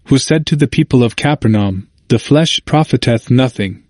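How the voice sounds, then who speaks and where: A man reading a history book aloud in steady, measured scripted narration, lifting his voice for quoted speeches. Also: mid-range voice, no room sound. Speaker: audiobook reader.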